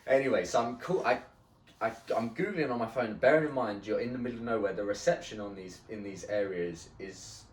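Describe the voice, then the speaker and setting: Brief: low-pitched male podcast storyteller, animated and sweary, recorded off-mic in a roomy space. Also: fairly quick, distant mic. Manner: animated, swears often, acts out the people in his story. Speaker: podcast host. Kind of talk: casual storytelling.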